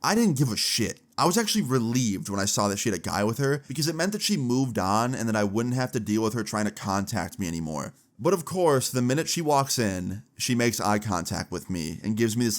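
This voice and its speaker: A man's voice: fairly low pitch, animated, moderate pace, hardly any pauses. A young man vlogger casually telling a story time in a slangy, swearing way.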